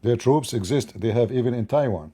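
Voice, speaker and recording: A man's voice: mid-range voice, brisk, dark tone, husky. A man hosting his own channel, talking straight to his microphone in an unscripted commentary and stacking up points in emphatic, repetitive lists. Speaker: channel host commenting on politics.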